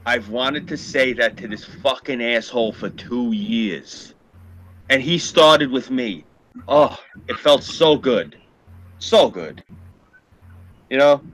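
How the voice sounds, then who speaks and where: A man's voice: medium pitch, bright, forceful tone. Profane man telling a heated story. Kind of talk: casual chat, storytelling.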